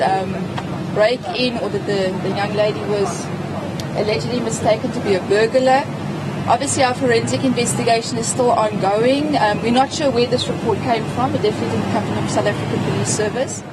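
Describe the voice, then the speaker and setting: A woman's voice: fairly high pitch, steady tone, brisk. A woman police spokesperson giving a formal press conference statement with um fillers. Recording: loud outdoor street noise.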